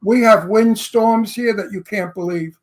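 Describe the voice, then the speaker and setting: A man's voice: high voice, steady tone, measured pace. A blunt, brash male talk show host with a Brooklyn accent, chatting casually in a studio. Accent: Brooklyn New York. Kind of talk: casual chat.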